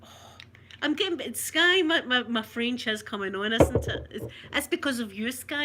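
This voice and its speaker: A woman's voice: on the high side, expressive, moderate pace, background noise. A woman with a Glaswegian Scottish accent, hosting a casual, playful chat with her viewers and giggling often. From Scotland. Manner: chatty, giggly, broad and playful. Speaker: ASMR channel host chatting with viewers.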